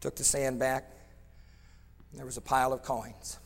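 A man preaching a storytelling sermon, swinging between loud emphatic bursts and hushed tones. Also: medium pitch, flat delivery, a little slow, vocal fry, pauses often, slightly rough, in a large hall.

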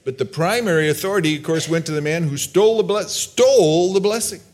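A fast-talking man with a voice on the high side preaches a sermon. He reads Bible passages aloud and briefly acts out what characters say, explaining loosely and restarting as he goes.

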